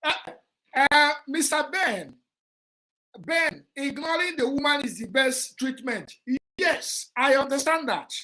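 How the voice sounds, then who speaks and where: High-voiced, impassioned Nigerian woman vlogger. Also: lively intonation, slow. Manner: forceful, repetitive, lecturing, addresses a rival directly. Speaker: vlog host. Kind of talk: impassioned livestream commentary.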